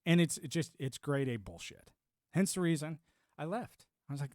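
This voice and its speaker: A man's voice: a little high, moderate pace, darkish tone, no echo. Ranting man with a dry close mic. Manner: ranting, mocking quoted voices, repeats words. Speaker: livestream host. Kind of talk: casual political commentary.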